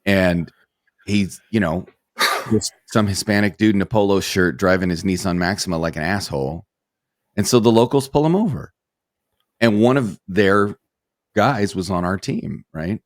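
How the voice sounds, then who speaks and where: Deep-voiced man telling dry cop anecdotes. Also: normal speed, no echo. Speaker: podcast co-host, former narcotics officer. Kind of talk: casual storytelling.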